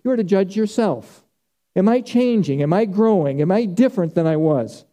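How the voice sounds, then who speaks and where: A man's voice: high-pitched, animated, moderate pace, warm tone. A middle-aged male pastor preaching a sermon, emphatic and repeating key phrases for weight.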